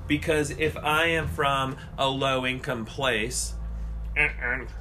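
A man co-hosting a casual podcast chat, ranting and swearing in an animated way. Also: mid-range voice, slow, a little hiss or hum.

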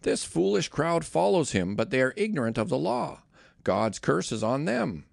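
A man voicing indignant religious leaders who fire off scornful questions, the pitch swinging widely. His voice has a gravelly grain on a dry, close recording. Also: big pitch swings, normal speed, no room sound, exaggerated voice.

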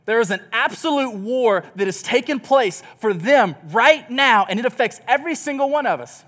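A young man from Texas preaching a sermon, opening with a funny, self-deprecating story in a lively storytelling manner. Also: very high voice, normal speed.

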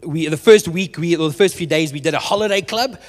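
A young man, a youth minister telling a humorous testimony in a church service, animated and often laughing at himself. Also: fairly high pitch, brisk. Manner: animated storyteller, laughs often, self-mocking. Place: church hall with a live audience. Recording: reverberant hall sound.

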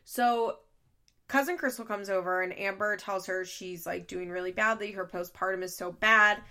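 Woman podcast host, bright and forceful, casual profane recap delivery. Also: medium pitch, fairly even intonation, normal speed. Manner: blunt, profane, exasperated.

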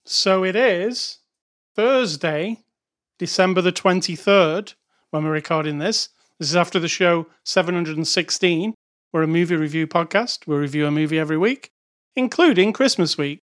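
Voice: medium pitch, moderate pace. A podcast co-host in a casual movie review chat, talking with dry, wry teasing.

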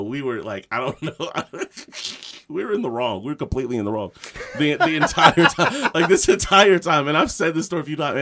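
A young man co-hosting a casual podcast, telling a story with lots of laughter and acted-out quotes. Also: medium pitch. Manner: animated storyteller, laughing, acting out shouted quotes. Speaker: podcast co-host. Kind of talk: casual chat.

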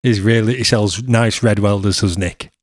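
A man's voice: lowish voice, moderate pace, no echo, clean studio sound. A middle-aged man, hosting a podcast and chatting casually with his son, laughing often. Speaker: podcast host.

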